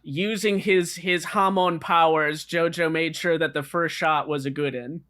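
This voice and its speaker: A man's voice: a little high, fairly even intonation, measured pace, bright, forceful tone, clear, resonant tone. A man co-hosting a casual podcast, retelling a story with many fillers and restarts. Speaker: podcast co-host explaining the story. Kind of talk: casual chat.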